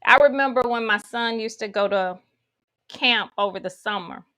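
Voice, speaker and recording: A woman's voice: a little high, moderate pace, fairly bright tone. A woman giving a spiritual teaching talk, guiding listeners through imagery with folksy asides.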